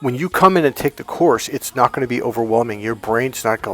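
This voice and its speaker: A man's voice: medium pitch, quick pace, hardly any pauses. A middle-aged man coaching men on dating, talking bluntly with plenty of swearing and acting out the voices of the people he quotes. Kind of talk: direct-to-camera coaching talk.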